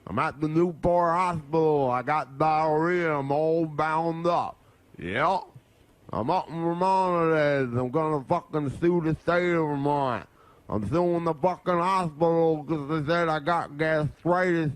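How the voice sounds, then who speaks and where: Man doing a slightly high, swearing, rambling crank; dry close mic. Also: measured pace, dry recording, close to an everyday voice. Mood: ranting. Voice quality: foul-mouthed, rambling. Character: crude rambling man, angry and boastful. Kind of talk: prank impression on radio.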